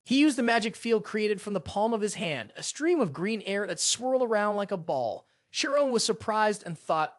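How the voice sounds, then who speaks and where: Recap narrator, animated pitch, dry close recording, scripted storytelling. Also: normal speed, few pauses, no room sound.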